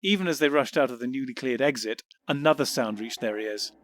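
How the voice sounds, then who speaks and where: A man reading audiobook narration in a measured, descriptive way. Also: medium pitch, a bit bright, a little hiss or hum. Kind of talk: scripted narration.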